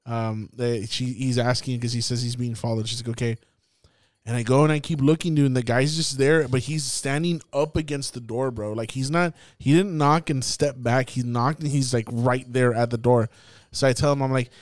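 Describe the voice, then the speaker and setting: Smooth-voiced man swapping stories, dry sound. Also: mid-range voice, brisk, no echo. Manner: profane, animated storyteller acting out scenes. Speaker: podcast host. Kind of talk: casual chat.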